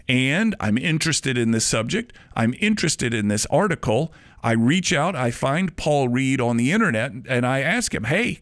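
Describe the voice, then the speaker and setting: A male radio host talks through a monologue, his pitch rising and falling in a lively way. He muses aloud and asks himself questions. The sound is dry and close, with no room behind him. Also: dry recording. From Mobile, Alabama. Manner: musing, rhetorical questions.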